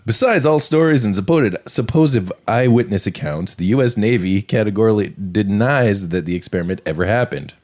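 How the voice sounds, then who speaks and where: A man's voice: fairly low pitch, expressive, brisk, few pauses, a little mellow. A man co-hosting a podcast, reading notes aloud and breaking into jokes and giggles. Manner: giggly, reads script then riffs. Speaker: podcast co-host. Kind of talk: casual chat, reading out notes.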